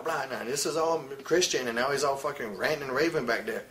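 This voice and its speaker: Man, 40s, ex-wrestler, heated and crude storyteller, average pitch, light hiss behind. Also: fast, few pauses, pushed and bright. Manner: blunt, profane, heated storytelling. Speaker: retired pro wrestler as interview guest. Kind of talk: candid shoot interview.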